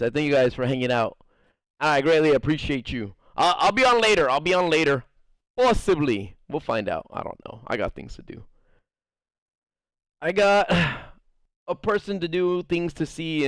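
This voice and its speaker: A young man chatting casually on his game stream, rambling through animated stories and playing out the quoted lines of others. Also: mid-range voice, no echo, rough recording. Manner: rambling, animated storytelling, playful acted-out quotes. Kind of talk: casual live-stream chat.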